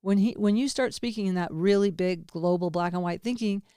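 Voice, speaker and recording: A woman's voice: medium pitch, fairly quick, warm tone, smooth, dry recording. Candid rambling woman, dry close sound. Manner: rambling, candid, swings between laughter and grief; swears casually. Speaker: podcast host. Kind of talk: personal monologue.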